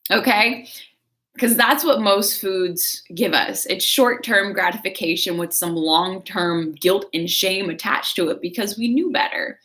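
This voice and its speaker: A woman's voice: mid-range voice, pushed and bright. A woman giving casual motivational talk on a livestream, chatty and coaching, reading out viewer comments. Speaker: fitness creator.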